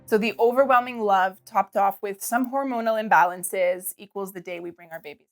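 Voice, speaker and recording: A woman's voice: medium pitch, moderate pace, soft background music. A young woman hosting a podcast, telling a personal story in a rambling, casual way, often quoting herself. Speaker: podcast host.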